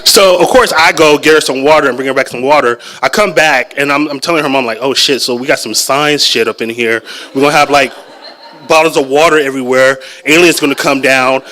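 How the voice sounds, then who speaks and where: A man telling a personal story live at a story slam, chatty and animated, often laughing at his own lines. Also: medium pitch, a little fast.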